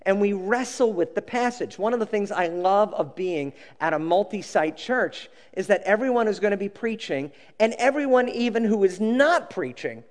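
A middle-aged male pastor delivers a sermon in an expressive storytelling manner. His pitch rises and falls in a lively way, and he drops to a near hush when he drives a point home. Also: big-room sound.

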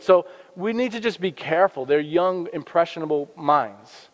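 An earnest man in his thirties talks about parenting from a faith angle, with a slightly raised pitch and a loose, conversational flow. His voice trails off in long reverb, and the recording is muffled and lo-fi. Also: moderate pace. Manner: earnest, conversational, with frequent restarts. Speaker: youth ministry worker and parent. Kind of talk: faith-based parenting talk. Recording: dull lo-fi sound with long reverb.

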